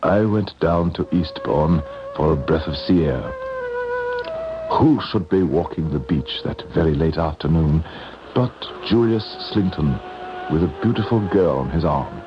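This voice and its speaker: Deep-voiced man narrating an old radio drama. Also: a little slow, music in the background. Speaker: narrator and detective lead. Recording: dull old radio recording with noise.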